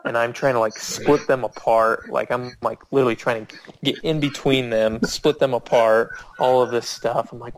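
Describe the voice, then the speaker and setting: A man's voice: steady tone, moderate pace, few pauses, a little hiss or hum, low-quality recording. A man telling a rambling, restart-filled anecdote, his voice leaping up whenever he quotes someone. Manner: rambling with many restarts, jumps high when quoting people. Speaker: storyteller. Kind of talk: casual anecdote told to a small audience.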